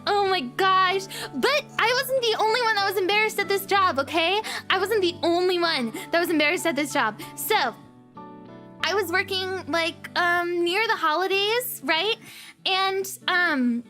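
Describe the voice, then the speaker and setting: A young woman, telling stories in an animated, giggly way on a casual chat stream and acting out the people in them. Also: very high voice, a little slow, soft background music. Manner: animated storyteller, acts out voices and beeps; giggly, repeats lines for effect.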